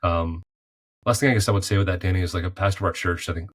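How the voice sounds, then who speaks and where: A man's voice: low voice, rapid-fire. A man, a podcast guest who left a golf career for art, talking through life in golf and faith analogies in a reflective, conversational way. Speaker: podcast guest, former golf pro turned artist.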